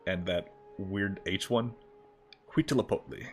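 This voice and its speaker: A man's voice: low-pitched, a little slow, slightly rough, faint music behind. A man streaming a video game as a VTuber, commenting casually in a joking, offhand way with some swearing. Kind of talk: casual gameplay livestream commentary.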